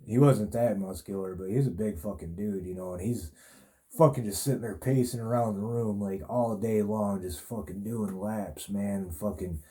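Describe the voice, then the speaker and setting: A man's voice: on the low side, warm tone. A man hosting a podcast, telling a long, rambling personal story in a laid-back way, full of swearing and fillers. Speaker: podcast host.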